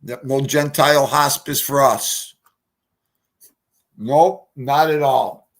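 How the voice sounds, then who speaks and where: An older man hosting a livestream in casual, rambling, profane chat, his volume swinging from mutters to shouts. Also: medium pitch, slow. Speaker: livestream host.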